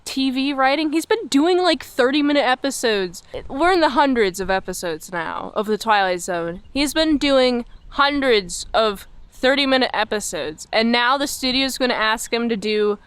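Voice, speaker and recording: A young woman talks through an episode review in a relaxed, chatty way, sounding exasperated and slipping into quick character asides. Her voice sits fairly high and comes across smooth and clear. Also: dry recording. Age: young adult. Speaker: show host reviewing a TV episode. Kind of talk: casual spoken review.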